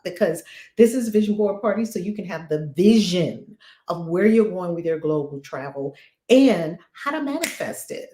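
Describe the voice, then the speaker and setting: A woman's voice: lowish voice, a little mellow. A woman hosting a casual chat, enthusiastic and full of exclamations. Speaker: host. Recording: roomy echo.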